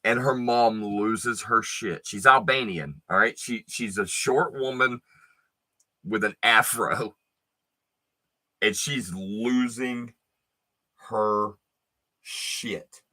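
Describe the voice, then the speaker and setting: A man spinning a personal story in a slow, deliberate, emphatic way, full of swearing. His voice is bright and forward, and he lets pauses hang between phrases. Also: fairly low pitch. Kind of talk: profane casual storytelling.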